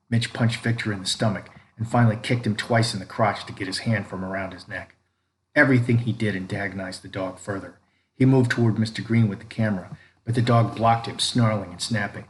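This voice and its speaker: Male audiobook narrator, low voice, steady reading, roomy echo. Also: brisk. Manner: reads all characters, lifting pitch and volume for quoted lines. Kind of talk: scripted narration. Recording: echoey room with faint background noise.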